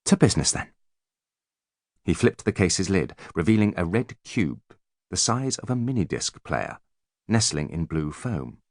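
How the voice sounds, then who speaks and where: Male audiobook reader, low voice, animated storytelling, dry booth. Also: unhurried, no echo. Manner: expressive storytelling. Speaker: audiobook narrator. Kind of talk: scripted narration.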